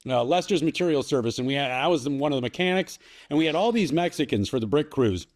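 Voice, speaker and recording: Podcast guest guy rambling thru a story, swearing a ton, laughs a lot, slightly high voice. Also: animated, quick pace, a little mellow. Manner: rambling, profane storyteller who laughs often. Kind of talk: casual podcast chat.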